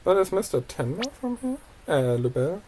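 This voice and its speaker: A let's player giving casual commentary, reading game text aloud and adding quick chatty asides. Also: medium pitch, very animated, a little hiss or hum. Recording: loud game music behind the voice.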